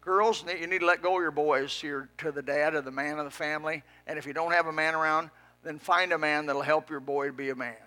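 Brief: male pastor, fiery sermon, hushed-to-shouting swings, a bit high, very bright and forceful. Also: fairly even intonation, brisk. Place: church sanctuary with a congregation.

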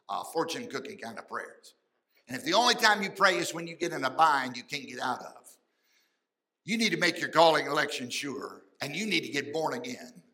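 Male pastor, folksy fervent sermon, bright tone. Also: medium pitch, rough recording. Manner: fervent, folksy preaching with sudden loud and soft swings.

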